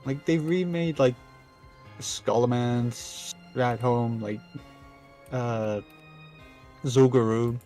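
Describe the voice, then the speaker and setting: A man's voice: medium pitch, steady tone, drawn-out words, long pauses, warm tone, faint music behind. A Scottish man streaming a game, chatting casually, joking and swearing freely. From Scotland. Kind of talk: casual gaming chat.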